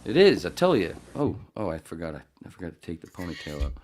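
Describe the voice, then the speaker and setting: A man's voice: sits low, very animated, fast talker, a little mellow, a little hiss or hum. A man hosting a podcast in casual chat, joking and rambling and swearing often. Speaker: podcast host.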